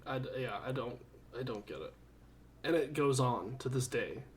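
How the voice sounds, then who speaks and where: A man's voice: medium pitch, lively intonation, moderate pace, slight background noise. A man co-hosting a podcast in casual chat, laid-back and swearing, often laughing as he talks. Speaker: podcast co-host.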